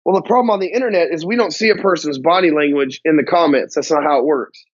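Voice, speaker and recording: Guy with a kinda high voice ranting about business, cusses a lot, dull dry audio. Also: fast talker, dry recording. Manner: blunt, heavy swearing, slangy grammar. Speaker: business coach. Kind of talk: profane motivational talk to camera.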